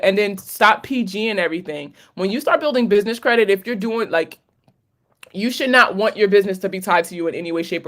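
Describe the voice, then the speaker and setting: A woman from Maryland with a Maryland accent, a credit coach answering viewer questions in a casual livestream Q&A, candid and sprinkled with profanity and slang. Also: mid-range voice. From Maryland, USA. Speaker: credit coach hosting a live Q&A.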